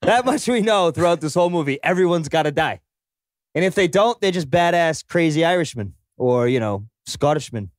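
A man's voice: on the high side, animated, a little fast, no echo, clean studio sound. A man co-hosting a film podcast, rambling and laughing often as he swears freely. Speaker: podcast co-host. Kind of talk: casual chat.

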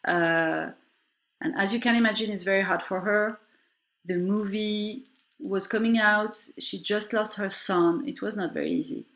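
Woman telling animated stories. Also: medium pitch, normal speed. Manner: animated, acts out quoted voices. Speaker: documentary writer, interview guest. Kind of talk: podcast interview, storytelling.

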